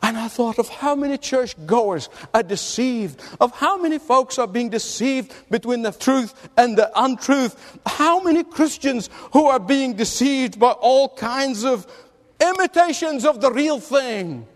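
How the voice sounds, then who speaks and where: Preacher, male, very high pitched voice, emphatic storyteller, long hall echo. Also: lively intonation, measured pace. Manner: emphatic storytelling with rhetorical questions. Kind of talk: sermon.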